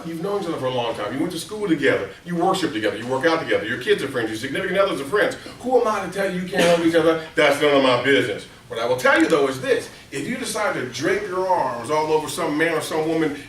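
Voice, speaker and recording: A middle-aged man presents a workplace training seminar to a live room, recorded far from the mic in an echoey space with a little hiss or hum. He tells stories, asks the audience questions, and acts out quotes in a high, excited voice.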